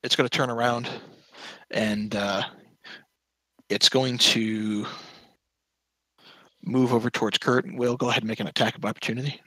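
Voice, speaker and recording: A man's voice: mid-range voice, fairly even intonation, normal speed, pauses often, bright, forceful tone, no room sound, low-quality recording. A man narrating a tabletop game as game master, hesitant and often correcting himself on the rules, over online voice chat.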